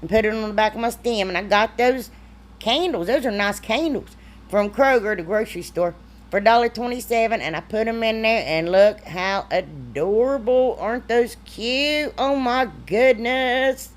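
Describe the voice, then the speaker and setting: Woman, middle-aged craft vlogger, folksy, chatty, mid-pitched, close mic. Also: lively intonation, moderate pace. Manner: chatty, self-deprecating, drawling. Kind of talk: casual crafting tutorial voice-over.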